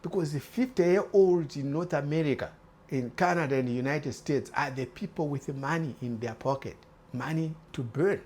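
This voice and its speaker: A man's voice: on the high side, moderate pace, a little mellow, slightly rough. A man, likely in his fifties, talking straight to the camera as a channel host, earnest and urging, often repeating his phrases. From former British colony. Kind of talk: direct-to-camera talk.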